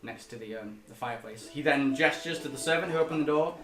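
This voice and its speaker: A man's voice: medium pitch, fast talker. A man running a tabletop game as game master, narrating in a rambling way with frequent fillers. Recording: roomy, with music behind.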